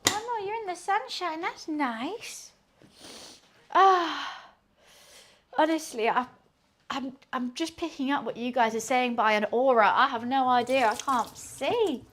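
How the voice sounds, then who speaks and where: A woman's voice: high-pitched, slow pace, pauses often, a bit bright. A woman, streaming casual chat while she cooks at home, rambling to her viewers and her kitten. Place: home kitchen.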